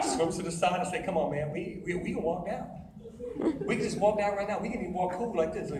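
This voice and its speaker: A man's voice: sits high, quick pace, a crowd in the background. A man giving a humorous sermon-style story to a live audience, acting out voices and laughing often. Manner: animated, acts out quoted voices, laughs often. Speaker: speaker at a youth conference. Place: large hall with live audience. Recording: echoey hall from far off, loud audience.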